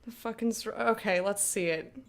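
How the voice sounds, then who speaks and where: A young woman streaming a game and chatting casually with her viewers, blunt and quick to swear, laughing often and reading their messages aloud. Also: mid-range voice. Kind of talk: casual live-stream chat while gaming.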